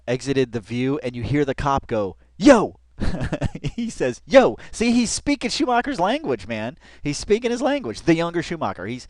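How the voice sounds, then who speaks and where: A man's voice: mid-range voice, no echo. A man hosting a reaction video, talking in a loose, slangy, rambling way, laughing often and restarting his sentences. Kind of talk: casual rambling commentary.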